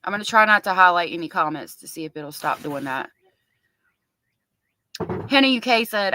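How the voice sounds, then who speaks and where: A woman's voice: lowish voice, expressive, moderate pace, pauses often, pushed and bright, slight background noise, low-quality recording. A middle-aged woman hosting a casual livestream, chatting with viewers and reading their comments aloud. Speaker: livestream host covering a trial.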